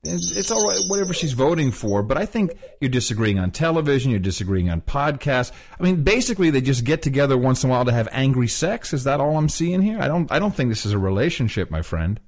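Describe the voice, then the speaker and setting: A man co-hosting a podcast, talking in a halting, teasing way and laughing often in casual chat. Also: medium pitch, sing-song. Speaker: podcast co-host.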